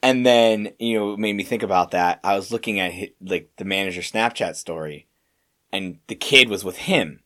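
A young man co-hosting a podcast, telling work stories in a rambling, animated way with lots of fillers and restarts. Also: sits low, moderate pace. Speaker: podcast co-host. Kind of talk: casual storytelling chat.

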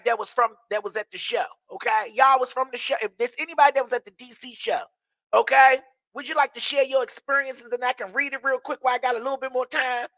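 A man's voice: extremely high pitch, sharp tone, dry recording. A man with a Washington, DC accent hosting a live stream, reading viewer comments with brassy, profane, sassy banter.

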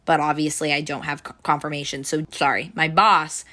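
A young woman tells a workplace story in casual chat, acting out every person's lines and leaning on "like" as she goes. Her voice sits fairly low yet has a bright, tense edge. She keeps things animated and chatty throughout. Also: brisk. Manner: animated storyteller, fills with "like", acts out quotes. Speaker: bank teller telling a story.

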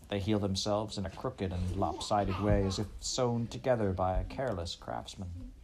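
A man reading a children's novel aloud, a measured storyteller who often speaks straight to the listener. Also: on the low side, darkish tone, slight background noise. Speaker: audiobook narrator.

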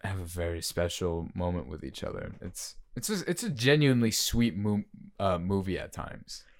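A man co-hosting a casual podcast chat about a film, rambling and animated, slipping into loud impressions. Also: low voice, moderate pace, vocal fry, dry recording, clean studio sound. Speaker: podcast co-host discussing a film.

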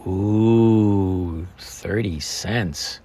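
Gravelly, husky man talking trades. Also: on the low side, drawn-out words, dark tone. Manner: chatty, jokey, walks through numbers. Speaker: podcast host. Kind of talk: casual trading talk.

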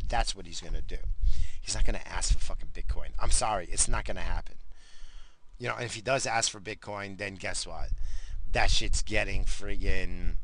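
A man with a lowish voice rants to his audience in a loose, profane vlog style. He repeats his points, swears casually, and keeps interrupting himself with brisk, unapologetic apologies. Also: sharp tone, slight background noise, low-quality recording. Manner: profane, blunt, repetitive; heated, frequently apologizing. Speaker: vlogger. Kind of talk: casual rant to camera.

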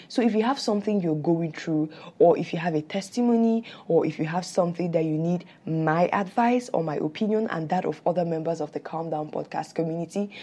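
A woman with a low, husky voice hosts a heartfelt faith-based podcast episode. Her tone is mellow as she speaks earnestly and encouragingly, a little nervous. She rushes her words now and then and stammers. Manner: talks fast and stammers at times. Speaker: podcast host.

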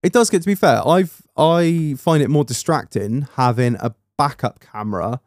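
A man's voice: mid-range voice, moderate pace, dry recording, clean studio sound. A young British man chatting casually on a podcast, rambling and swearing as he tells car stories. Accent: British English. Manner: sweary, rambling, animated storytelling. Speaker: podcast host. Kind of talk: casual chat.

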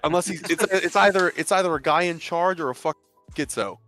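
A young man who works as a security dispatcher, chatting casually with friends and telling profane, animated stories with frequent laughs. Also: on the high side, a little fast, soft background music. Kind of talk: casual podcast chat.

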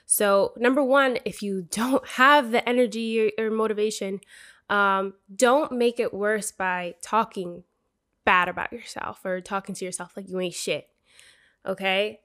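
Woman, young adult, podcast host, casual motivational talk, blunt and profane, mid-pitched voice. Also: steady tone, a little slow, a bit bright. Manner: candid, profane, sisterly pep talk.

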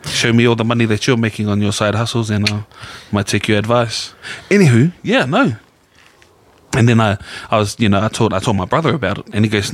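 A man's voice: lowish voice, a little fast. A man, co-hosting a casual chat podcast and telling rambling stories in laid-back slang. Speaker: podcast co-host.

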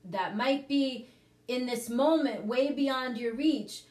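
In a reverberant space, a prosperity teacher hosts a casual livestream teaching chat, earnestly coaching her listeners and checking in with "okay?" as she goes. Her voice is high-pitched, slow and a little mellow.

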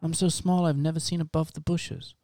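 Performer doing tiny shy polite hero, improv comedy, halting and apologetic, mid-pitched, dry close sound. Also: flat delivery, dark tone, no room sound, natural voice. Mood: pleading.

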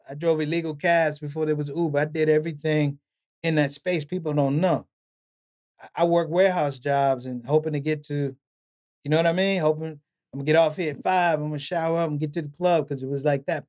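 Slightly high-pitched and brisk, a middle-aged comedian talks as a podcast guest in a casual interview. His stories run long, and he animates them by acting out whoever he's quoting, often with laughter.

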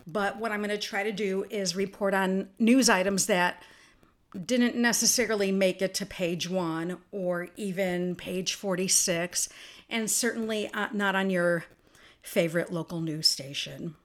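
Slow-talking woman podcast host. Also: medium pitch. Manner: chatty, spells words out letter by letter. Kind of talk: casual solo podcast monologue.

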